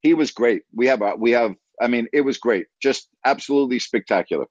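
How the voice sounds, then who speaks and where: A man from New York spins an animated sports anecdote and acts out each line of dialogue. His voice sits at a middle pitch. The sound is dry and a little dull. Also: brisk, no room sound. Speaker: TV sports announcer. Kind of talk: casual storytelling chat.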